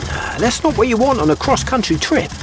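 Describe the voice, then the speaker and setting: An actor playing a cheerful, helpful roadside insurance pitchman in a radio ad, with an upbeat, reassuring sales manner. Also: very animated, brisk, noisy background. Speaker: ad character.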